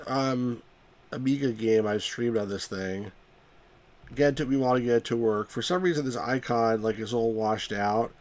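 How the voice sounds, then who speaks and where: A man hosting a live game stream, rambling casually and poking fun at himself while chatting with viewers. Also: medium pitch. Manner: rambling, self-mocking, chuckles often.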